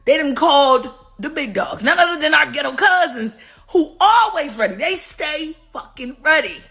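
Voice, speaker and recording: A woman hosting a casual live stream, telling news as a profane, animated story. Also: sits high, moderate pace.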